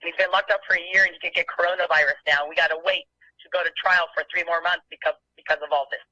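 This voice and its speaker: A man's voice: a little high, fairly even intonation, fast, pushed and bright, no room sound. A man leaving an angry, agitated public comment by phone, speaking emphatically. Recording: muffled phone line.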